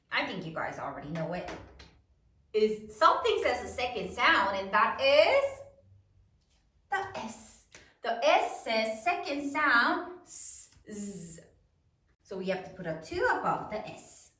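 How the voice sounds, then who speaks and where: A woman teacher leading a spelling lesson for third graders, dictating words slowly and deliberately and spelling them out letter by letter. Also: high-pitched, bright, forceful tone, reverberant, distant mic.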